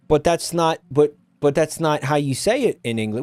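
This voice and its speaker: A man's voice: on the high side, lively intonation, moderate pace, few pauses, darkish tone, dry recording, soft background music. A man streaming and ranting at his chat, exasperated and swearing often. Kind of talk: casual stream rant.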